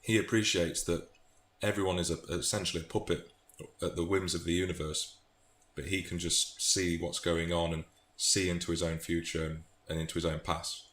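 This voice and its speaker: A man's voice: deep voice, flat delivery, moderate pace, few pauses, fairly bright tone. A British man chatting about favourite book quotes in a thoughtful, casual way, often restarting phrases. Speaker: book vlogger. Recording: echoey room, faint noise.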